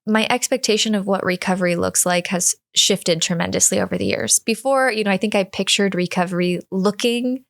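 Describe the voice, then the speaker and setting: A woman's voice: mid-range voice, brisk, gravelly, few pauses. A woman in her thirties, a guest in an interview, talking candidly and reflectively, often restarting her thoughts. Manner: reflective, speaks in drafts with restarts.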